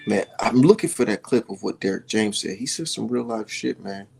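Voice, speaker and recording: A man's voice: fairly low pitch, animated, fairly quick, vocal fry, darkish tone, breathy edge. A man giving loose, profane reaction commentary, often breaking into laughter and mockery. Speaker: online commentator.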